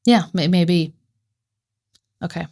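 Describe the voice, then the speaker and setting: A woman's voice: fairly low pitch, takes it slowly, dark tone. A woman from Ohio co-hosting a casual true crime podcast, rambling and joking with lots of likes. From Ohio, United States. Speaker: podcast co-host.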